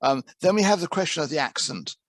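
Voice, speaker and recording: A fast, expressive man with a slightly high voice leads an interpreting course and presents informally to trainees. He tends to repeat words whenever he restarts an idea, and the recording has no room sound.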